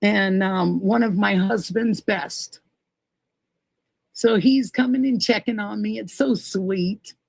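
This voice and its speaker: Casting: middle-aged woman, streamer host, gravelly and unhurried, sentimental and chatty, dry close mic. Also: medium pitch, no room sound, low-quality recording. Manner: gushing, emotional, thanks viewers by name. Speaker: livestream host. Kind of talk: casual livestream chat reading viewer comments.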